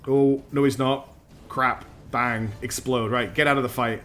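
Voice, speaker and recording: A man's voice: medium pitch, fairly even intonation, unhurried, a bit bright, a little hiss or hum. A man streaming a strategy game, chatty and self-deprecating, thinking aloud as he plays. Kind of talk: live gameplay commentary.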